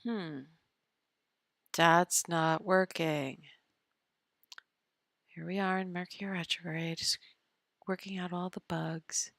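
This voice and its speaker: A woman's voice: lowish voice, steady tone, slow pace, pauses often, fairly bright tone, no echo, studio quality. A woman hosting an astrology live stream, chatting casually and muttering half-whispered asides to herself while she fixes her screen sharing. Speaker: astrology show host.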